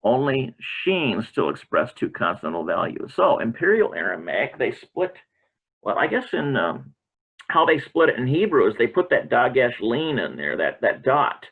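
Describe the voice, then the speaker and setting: Gravelly man teaching over tinny audio. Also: mid-range voice, sing-song. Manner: reads aloud and adds halting comments with many fillers and self-corrections. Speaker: Bible language teacher. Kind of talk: informal lecture reading from a textbook.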